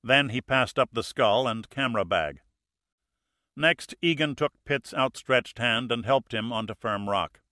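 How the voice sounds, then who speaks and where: A man narrating a thriller audiobook in a steady, measured way. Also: medium pitch, no echo, clean studio sound. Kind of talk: scripted narration.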